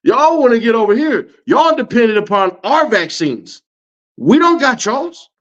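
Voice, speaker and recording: A man with a high, lively voice that swings all over the place. He rants in slangy bursts and laughs often. The audio is dull and lo-fi. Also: a little slow. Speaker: online commentator. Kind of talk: reacting to viewer comments.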